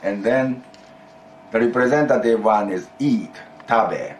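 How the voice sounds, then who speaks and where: A man's voice: medium pitch, takes it slowly, soft background music. A man teaching a Japanese grammar lesson in English, explaining patiently, repeating key phrases and prompting his student to answer.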